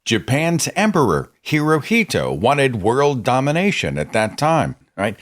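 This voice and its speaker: A man hosting a podcast, telling a personal story in a candid, self-critical, conversational way. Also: lowish voice. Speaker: podcast host. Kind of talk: reflective personal storytelling monologue.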